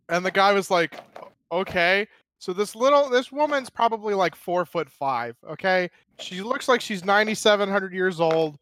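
A man telling a rambling, profane story in casual chat, animated and laughing. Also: sits high, dry recording.

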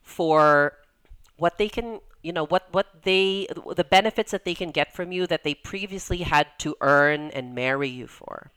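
A woman's voice: sits low, a little slow, a bit bright, smooth. A woman coach talking in a casual podcast interview, chatty with lots of fillers, acting out the voices she quotes. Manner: chatty, many "like" and "you know" fillers, acts out quoted voices. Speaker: podcast guest, women's coach.

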